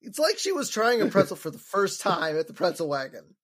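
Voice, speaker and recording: A man's voice: high-pitched, sing-song, a little fast, a bit bright, husky. A man from Wisconsin co-hosting a podcast in casual chat, blunt and swearing freely, laughing often. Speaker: podcast co-host.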